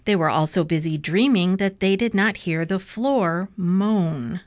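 Slow, gentle woman reading a storybook. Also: lowish voice, no room sound. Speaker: storybook reader. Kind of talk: reading a children's book aloud.

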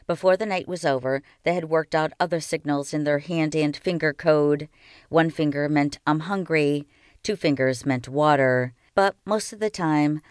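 A woman reading a children's novel aloud with steady, expressive storytelling. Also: sits low, clean tone, dry recording, studio quality. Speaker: reader.

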